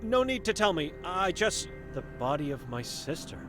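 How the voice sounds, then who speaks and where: Benedek, an earnest monk. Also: male voice, fairly high pitch, big pitch swings, normal speed, music in the background. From Hungary. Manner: polite, pressing questions. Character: earnest male monk searching for his sister. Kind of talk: video game voice acting.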